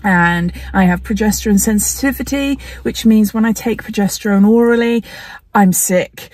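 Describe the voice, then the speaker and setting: A woman's voice: medium pitch, moderate pace, a little mellow, no room sound, clean studio sound. A middle-aged woman talking candidly in a personal vlog, often laughing and sometimes emotional. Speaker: vlogger.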